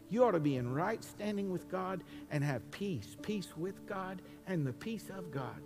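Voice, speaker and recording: A man's voice: expressive, unhurried, few pauses, darkish tone. Impassioned preacher man over music. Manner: rising to impassioned high-pitched preaching. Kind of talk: sermon.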